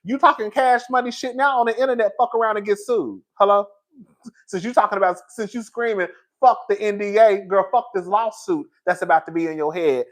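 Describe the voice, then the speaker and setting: A man talking casually to his viewers as a pop culture commentator, in slangy, animated speech and often laughing as he riffs. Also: high voice, brisk.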